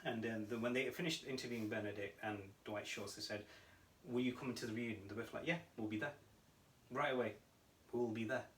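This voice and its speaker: Animated male podcast storyteller. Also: mid-range voice, a little fast, slight background noise. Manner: animated storytelling, laughs often. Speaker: podcast co-host. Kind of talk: casual chat. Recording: roomy echo, mic at a distance.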